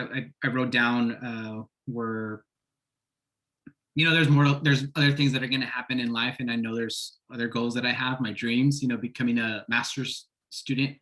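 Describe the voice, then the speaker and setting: A man's voice: medium pitch, fairly bright tone, rough recording. A man speaking as a counseling client, hesitant and full of fillers. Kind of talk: counseling session role-play.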